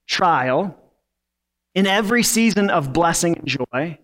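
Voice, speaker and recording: A man's voice: a little high, expressive, measured pace, fairly bright tone. A man who is a lead pastor, preaching a conversational sermon to his church with frequent filler words. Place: church sanctuary.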